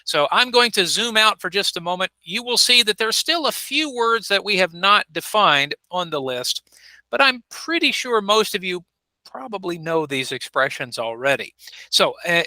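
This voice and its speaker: A man's voice: high-pitched, pushed and bright, no room sound, rough recording. A man teaching an online English class, patiently repeating words and modeling pronunciation on a video call. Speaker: ESL teacher. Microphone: computer mic on a video call.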